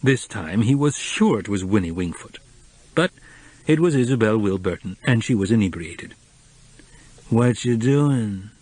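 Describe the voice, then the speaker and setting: A man narrating an audiobook in a measured, even storytelling voice. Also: fairly low pitch, slightly rough.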